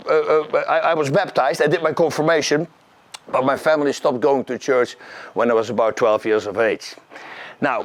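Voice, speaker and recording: A middle-aged man with a Dutch accent, telling his personal story to camera in an animated, emphatic, slangy way. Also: a little high, no echo. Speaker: host.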